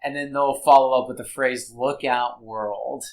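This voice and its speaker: Male podcast guest, mid-pitched, earnest and rambling, full of restarts. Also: fairly even intonation, measured pace, poor audio. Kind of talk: casual reaction chat.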